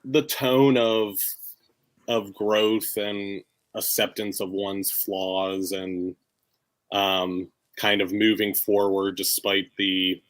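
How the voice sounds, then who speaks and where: Low voiced dude, relaxed, kinda hesitant, talking manga with a buddy. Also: male voice, takes it slowly, no echo, poor audio. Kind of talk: casual chat about comics.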